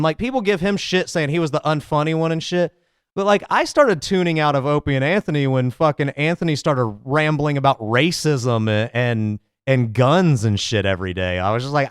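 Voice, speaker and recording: A man's voice: a little high, clean tone, no room sound, studio quality. Profane, ranting man podcaster. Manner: profane, fired-up and rambling. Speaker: podcast host. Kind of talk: casual comedic rant.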